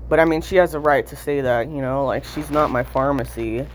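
A woman's voice: extremely low pitch, fairly quick, a little hiss or hum. A young woman telling a personal story to camera in a candid, rambling way, full of fillers and swearing. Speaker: vlogger. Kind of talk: casual storytime chat.

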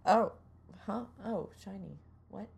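A woman's voice: mid-range voice, slow, creaky, darkish tone, slight background noise. A woman co-hosting in character with rambling, easily distracted, apologetic comedic banter. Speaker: co-host.

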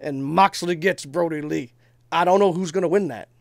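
Gravelly, emphatic man talking wrestling. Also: a little high, moderate pace, no room sound, clean studio sound. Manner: emphatic, swearing, animated storytelling. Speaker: podcast co-host. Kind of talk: casual wrestling chat.

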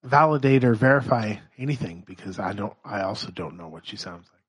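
Male podcast co-host, husky voice, relaxed and halting delivery. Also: lowish voice. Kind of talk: casual chat.

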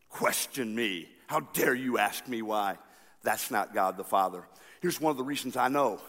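A male pastor preaching a sermon, swinging between loud passionate cries and quiet, slow asides. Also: lowish voice. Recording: long reverb of a large hall.

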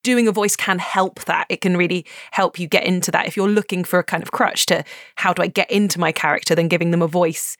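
Female guest, middle pitch, explanatory and steady, dead-dry recording. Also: fast talker, dry recording. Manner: explanatory, lays out her point. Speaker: podcast guest, tabletop player. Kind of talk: casual group discussion.

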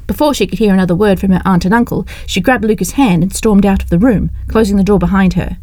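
A woman narrating an audiobook in a brisk, expressive way. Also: mid-range voice, dry recording.

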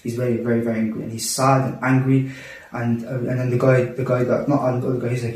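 A young man telling a personal story in casual talk among friends, animated and full of restarts. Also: medium pitch, quick pace. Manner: animated, acts out quotes, many restarts. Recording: roomy echo, distant mic.

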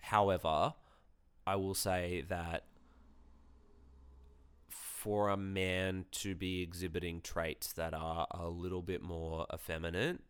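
A man's voice: sits low, little pitch movement, slow pace, smooth. A man co-hosting a podcast, recapping a reality show in casual chat with wry asides and casual swearing. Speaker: podcast co-host.

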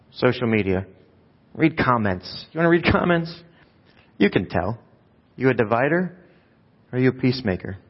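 A man's voice: mid-range voice, slightly rough. A man preaches a sermon in a church sanctuary, talking to the congregation like a conversation and tossing them rhetorical questions. His voice carries a long hall reverb. The recording sounds muffled and dull. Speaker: pastor.

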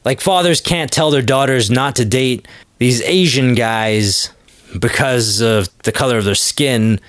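A man's voice: mid-range voice, a little slow, a bit bright, dry recording. A man doing a comedic monologue with a rambling, sarcastic delivery full of fillers. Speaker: comedic podcast host.

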